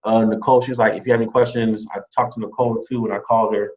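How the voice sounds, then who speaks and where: Man in a casual interview, recounting his hiring with lively quoted dialogue, muffled lo-fi sound. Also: on the low side, rapid-fire. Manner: animated, quotes others in lively re-enactments. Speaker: new teacher hire. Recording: dull lo-fi sound.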